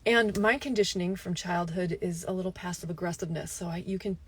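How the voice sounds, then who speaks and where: A woman health coach giving a motivational talk to camera, telling a personal story with lively asides and checking in with "right?". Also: fairly low pitch, fast talker, slight background noise. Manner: animated storytelling, frequent "right?" asides and laughs.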